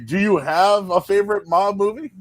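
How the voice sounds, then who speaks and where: A man's voice: high-pitched, moderate pace. A man hosting a casual podcast chat, rambling with lots of restarts and "dude" and "man". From Boston area. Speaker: podcast host.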